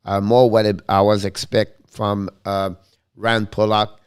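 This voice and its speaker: A man hosting a casual hockey live stream, thanking viewers by name with many halting fillers. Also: lowish voice, flat delivery, clear, resonant tone.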